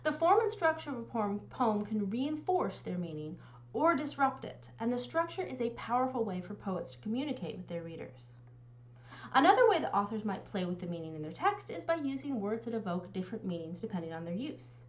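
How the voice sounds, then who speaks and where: A woman instructor talks through a recorded lecture with a clear, explanatory manner. Her voice sits a little high and moves with lively rises and falls. The audio is somewhat dull and lo-fi. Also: fairly quick.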